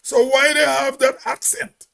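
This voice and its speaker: A man with a Grenadian accent giving an emphatic opinion monologue as host, with a big, loud voice and rhetorical questions. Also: extremely high pitch, level tone, a little slow, vocal fry.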